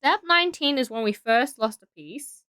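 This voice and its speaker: A woman's voice: sits high, expressive, moderate pace, bright, forceful tone, smooth, dry recording, studio quality. A young Australian woman streaming casually, tired and rambling as she thinks aloud while building.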